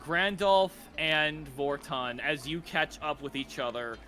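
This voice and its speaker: A man's voice: a little high, unhurried, bright, forceful tone, soft background music. A man narrating as dungeon master in a laid-back, joking way, swearing casually. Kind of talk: narrating a tabletop game.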